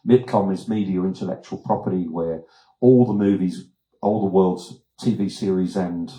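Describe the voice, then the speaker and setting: An older Australian man gives a talk made of anecdotes, animated and full of acted-out voices. His speaking voice is fairly low. The sound is roomy and echoing. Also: normal speed. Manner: animated storyteller, acts out voices. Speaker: guest speaker. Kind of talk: anecdotal presentation. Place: wellness retreat room. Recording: echoey room.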